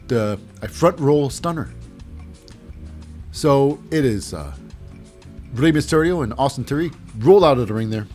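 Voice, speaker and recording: A man hosting a casual wrestling recap, rambling with sarcastic asides. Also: medium pitch. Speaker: host.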